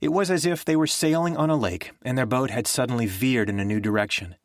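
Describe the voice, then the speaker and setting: A man narrating a thriller audiobook in a steady, measured way. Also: medium pitch, no echo, studio quality. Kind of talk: scripted narration.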